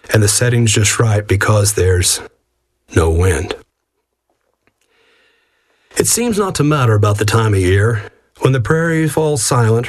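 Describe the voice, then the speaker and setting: A man reciting a rhyming prairie poem in a measured, rhythmic way. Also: lowish voice, no echo, clean studio sound. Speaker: cowboy poet.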